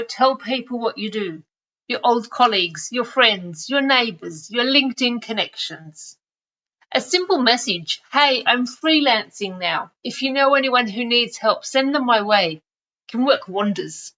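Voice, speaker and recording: A woman's voice: a little high, sharp tone, muffled recording. A woman hosting a solo podcast, chatty and lightly sarcastic, talking straight to the listener. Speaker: podcast host.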